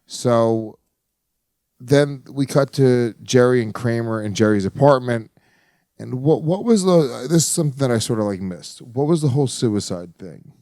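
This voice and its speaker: A man's voice: mid-range voice, animated, normal speed, dark tone, no room sound. Casting: male podcast host, crude and teasing, dry close sound. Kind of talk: casual chat.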